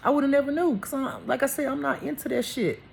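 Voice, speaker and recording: A woman giving an impassioned personal monologue as a spiritual teacher, colloquial and blunt, dropping into a hushed lower voice when she speaks for God. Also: fast, creaky, a little hiss or hum.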